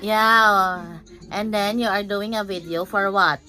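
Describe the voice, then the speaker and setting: A woman's voice: medium pitch, fairly even intonation, slow pace, pushed and bright, low-quality recording. A woman with a Filipino accent cooing affectionately to a toddler in a casual home video. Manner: cooing, affectionate baby talk. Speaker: caregiver filming a toddler.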